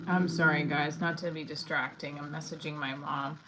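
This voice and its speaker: A woman with a low voice chatting on a casual livestream. She rambles from one thought to the next, restarting sentences and dropping in lots of fillers. It sounds loose and unscripted. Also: level tone, moderate pace, sharp tone, a little hiss or hum, low-quality recording. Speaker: actor and comedian livestreaming.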